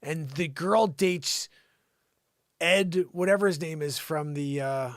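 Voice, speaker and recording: A man hosts a live talk show, riffing comically with excitable bursts and muttered asides. His voice sits a little high for a man and has a gravelly edge. The sound is dry, with no room around it. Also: slow, no room sound. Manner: excitable, riffing, swings between loud outbursts and muttering asides. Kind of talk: improvised comedic commentary on photos.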